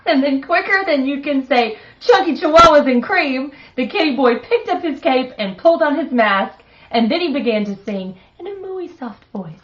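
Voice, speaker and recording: The host, a middle-aged woman, has a high-sitting, expressive voice at a moderate pace. She cheerfully reads a children's picture book aloud on her live stream and chats with a chuckle, all in a dull, muffled recording.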